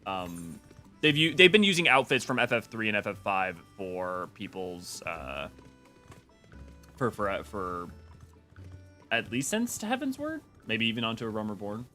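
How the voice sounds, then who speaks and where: A man's voice: on the low side, sing-song, a little slow, pushed and bright, faint music behind. A man streaming a game, chatting with viewers in a rambling way with many restarts. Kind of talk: casual game stream commentary.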